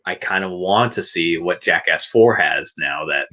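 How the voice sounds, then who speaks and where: A man co-hosting a casual livestream chat about films and TV, rambling with frequent restarts and quick laughs. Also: deep voice, sharp tone. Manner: rambling, restarts often, laughs between points. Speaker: podcast co-host.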